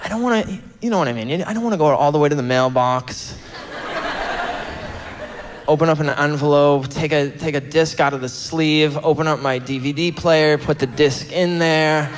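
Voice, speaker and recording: A man's voice: on the high side, moderate pace. A male stand-up comedian doing an exasperated rant, stumbling over restarts as he builds each bit. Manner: exasperated ranting with stammered restarts. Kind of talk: stand-up routine. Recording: noisy live club recording.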